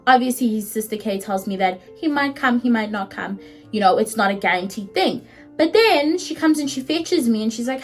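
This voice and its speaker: A young woman with a South African accent tells a story to her vlog audience, lively and loose, and she swears freely along the way. Her voice sits a little high. Soft music plays quietly in the background. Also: normal speed. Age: 20s. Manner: chatty, animated, swears freely. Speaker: vlogger. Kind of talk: casual storytime.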